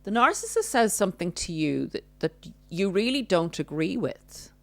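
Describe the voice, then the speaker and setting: A woman with a low voice explains things earnestly and adds the odd wry aside. The sound is dry and close, with no room echo. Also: sing-song, normal speed. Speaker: host. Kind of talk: explanatory talk on narcissistic abuse.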